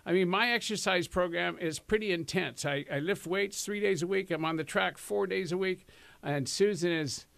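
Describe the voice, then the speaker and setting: A man's voice: sits high, moderate pace, vocal fry, fairly bright tone. A man hosting a casual self-help talk show, chatty and rambling, laughing often. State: out of breath. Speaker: host.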